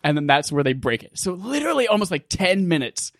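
A man with a fairly high voice hosts a casual gaming podcast, telling stories in an animated, swearing, giggly way. The recording is close and dry, with no room sound. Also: fast talker, no echo. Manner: animated, profane, laughing storyteller. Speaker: podcast host.

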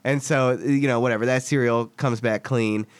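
Animated young man. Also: mid-range voice, moderate pace, no room sound. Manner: animated, swearing, acts out voices in stories. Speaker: storyteller. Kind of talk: casual chat.

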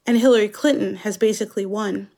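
This German woman narrates a scripted dramatic monologue at a slow, measured, introspective pace. Her medium-pitched voice is steady and warm, with some vocal fry.

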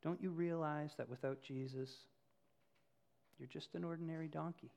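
A man voicing a calm, gentle mother donkey who speaks softly to her son. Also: fairly high pitch, moderate pace, gravelly, pitched below the performer's own voice. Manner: soft and gentle.

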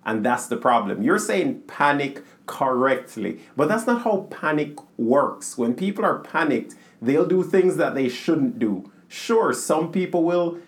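Man, comic banter, level-headed, patient arguing, fairly high voice. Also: animated, a little slow, hardly any pauses.

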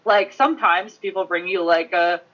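A woman on a convention panel chatting quickly and casually, telling an anecdote. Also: lowish voice. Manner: chatty, quick, with frequent laughs. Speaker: convention guest. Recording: dull lo-fi sound.

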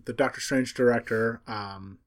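A man's voice: medium pitch, steady tone, moderate pace. Dry-witted man podcast co-host. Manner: dry interjections, hesitant with fillers. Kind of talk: casual movie chat.

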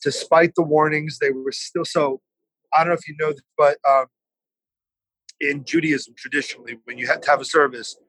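A man talking as a podcast guest in a casual remote chat, chatty and profane with quick asides. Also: fairly high pitch, fairly even intonation, fairly bright tone, dry recording. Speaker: podcast guest, TV food host. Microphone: remote call.

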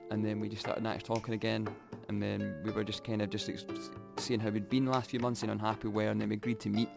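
Gravelly low-voiced Scottish young man. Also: flat delivery, music in the background. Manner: reflective, halting, many restarts and fillers. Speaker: guest telling his life story. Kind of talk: candid personal storytelling.

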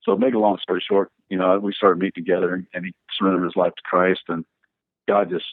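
A man's voice: low-pitched, quick pace, vocal fry, no echo. A man, a pastor and church planter, telling stories in a rambling, filler-heavy way during an interview. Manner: rambling, many fillers and restarts, lively storyteller. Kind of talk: animated storytelling in a podcast interview. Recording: dry, tinny phone-like line.

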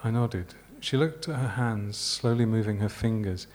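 A man from Yorkshire, an author reading his novel aloud at a live literary event in a measured, unhurried way. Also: lowish voice, darkish tone. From Yorkshire, England.

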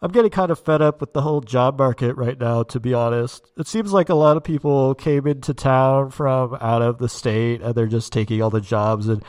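Man voicing a shy, broke dragon on voicemail; halting, rambly, plain mid voice. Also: medium pitch, a little mellow, smooth, natural voice. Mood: rambling. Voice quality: hesitant, rambling, full of fillers. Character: rambling lovelorn male dragon, broke and meek. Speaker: caller leaving a voicemail. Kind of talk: comedic voicemail bit.

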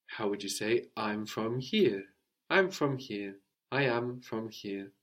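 A man teaching French to a student, explaining slowly and repeating phrases for her to copy. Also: on the low side, expressive, fairly bright tone. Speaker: language teacher.

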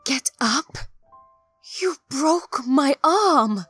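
A woman's voice: medium pitch, lively intonation, measured pace, slightly rough, no echo, soft background music. An actress playing an ancient female planeswalker, proud and hurt, confronting her old mentor in an audio drama. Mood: pained outrage.

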